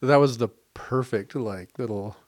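A man hosting a podcast in casual conversation, reflective and quick to laugh. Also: mid-range voice, dry recording. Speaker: podcast host.

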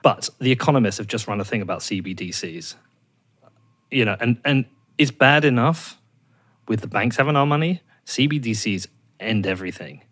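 Animated and fairly bright in tone, this man talks at normal speed while hosting a podcast. His casual chat turns into a heated, profanity-heavy rant, with his pitch shooting up as he gets riled.

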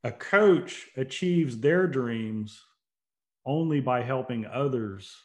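Taking it slowly in a slightly mellow, medium-pitched voice, a man guests on a casual interview. He's a motivational speaker who runs a company, and he shares earnest stories that build up to emphatic points.

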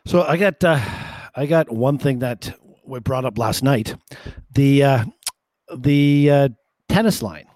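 A man's voice: mid-range voice, slow, darkish tone, no echo. A man co-hosting a podcast over a remote call, easygoing with dry humor in casual chat. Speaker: podcast co-host.

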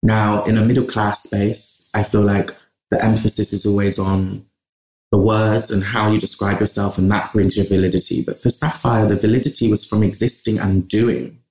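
Gravelly man, passionate. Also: on the low side, little pitch movement, normal speed, darkish tone. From England. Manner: passionate, talks in long runs with restarts. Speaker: podcast guest. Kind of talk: conversational interview. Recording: roomy echo.

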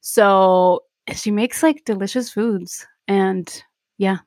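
A woman's voice: medium pitch, takes it slowly, darkish tone, no echo, studio quality. A woman co-hosting a podcast in casual chat, switching between English and Spanish mid-sentence. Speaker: podcast co-host.

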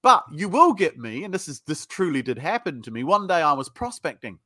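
A British man with a high, bright voice, talking bluntly and swearing freely as he tells sales stories in a casual interview. The sound is close and dry, with no room around it. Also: very animated, fairly quick, no room sound. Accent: British English. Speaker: sales trainer guest.

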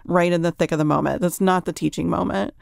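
Low, gravelly-voiced woman podcast host. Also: fairly even intonation, quick pace, a little mellow, dry recording, clean studio sound. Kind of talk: supportive conversational chat.

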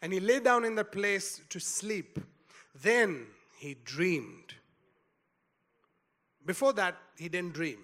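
A man preaching a sermon, retelling a scripture story in a storytelling way and building to loud emphasis. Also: high voice, slow pace, pauses often. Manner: storytelling, acts out quotes, rising to loud emphasis.

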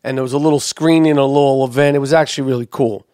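A man's voice: medium pitch, fairly even intonation, racing, darkish tone, dry recording, studio quality. A man hosting a podcast, telling stories in casual chat, heated and full of swearing. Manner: profane, heated storytelling. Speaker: podcast host.

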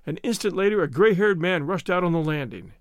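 A man hosting a show and reading a story aloud in a measured storytelling manner. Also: high-pitched, lively intonation, dry recording, studio quality. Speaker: host and reader. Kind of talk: audiobook narration.

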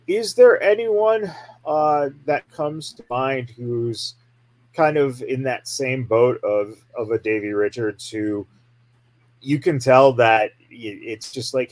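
A man interviewing a guest on a casual podcast, with halting questions full of fillers. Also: medium pitch, no room sound, rough recording. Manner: halting, with many fillers and restarts.

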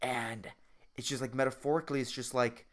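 A young man hosting a solo podcast, telling a story in a casual, excitable way, swearing a lot and calling the listener dude. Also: mid-range voice, a little fast. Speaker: podcast host.

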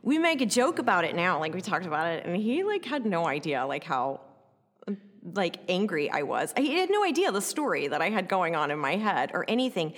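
A woman recounting a personal story in an animated, conversational way, often adding "like" and "right?". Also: lowish voice, fairly quick, big-room sound.

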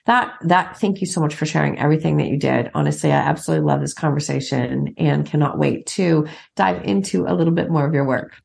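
A woman's voice: deep voice, sing-song, fast, gravelly, few pauses, a little mellow. A woman hosting a podcast interview, enthusiastic and affirming toward her guest. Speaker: podcast host. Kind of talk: casual interview.

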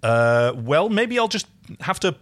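A man's voice: fairly high pitch, big pitch swings, measured pace. Wry man reading fan fiction aloud. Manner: wry, chatty, self-deprecating asides. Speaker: podcast co-host.

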